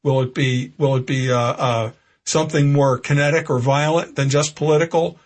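A man's voice: mid-range voice, fairly even intonation, normal speed. A man hosting a political talk radio show, delivering a discursive, lecturing monologue with frequent restarts. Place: home studio in Florida.

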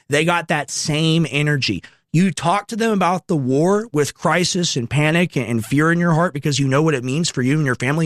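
A young male radio host in his twenties runs a heated commentary monologue, hammering points home with repeated rhetorical questions. His voice sits high for a man, and the sound is dry and close, with no room echo. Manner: emphatic, repetitive rhetorical questions.

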